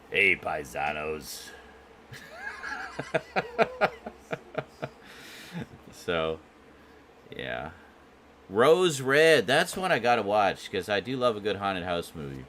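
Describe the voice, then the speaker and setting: A man's voice: lowish voice, fairly bright tone, slight background noise. A man hosting a casual live stream, chatting with viewers in a rambling way full of fillers and restarts.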